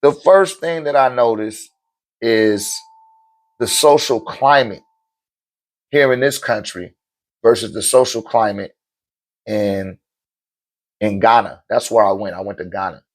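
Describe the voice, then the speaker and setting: A man's voice: fairly low pitch, a little slow, long pauses. A man hosting a live stream, explaining spiritual ideas to viewers in loose, casual talk, often asking "right?" and chanting lists of names with rising energy. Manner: loose, conversational, with rhetorical check-ins; chants lists of names rhythmically, growing animated. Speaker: livestream host answering viewer questions on spirituality. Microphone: streaming mic.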